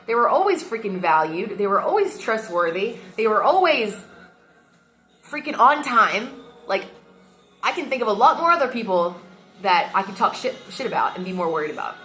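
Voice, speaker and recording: A woman's voice: fairly high pitch, sharp tone. A woman venting heatedly into her phone camera, swearing often as she talks. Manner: heated and emotional, frequent swearing. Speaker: vlogger. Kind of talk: casual rant to camera.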